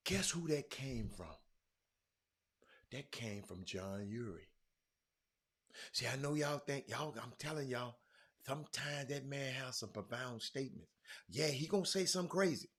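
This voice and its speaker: Excitable man hosting a sports talk stream. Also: medium pitch, unhurried, pauses often, slightly rough. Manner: loud, excitable, calls out viewers by name; Southern vernacular, y'all and ain't. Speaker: sports talk show host. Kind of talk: casual livestream chat reading comments.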